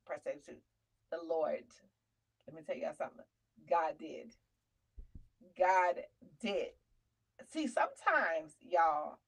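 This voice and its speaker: A woman with a New York accent, telling a lively faith story on a talk show, dropping to murmurs and rising to loud cries. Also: poor audio. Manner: animated testimony, swinging from low murmurs to loud cries. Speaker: guest.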